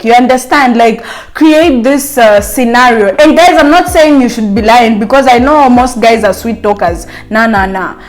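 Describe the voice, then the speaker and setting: A woman's voice: fairly high pitch, darkish tone. A woman vlogger giving casual dating advice straight to her viewers in a playful, teasing way. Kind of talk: casual advice chat to camera.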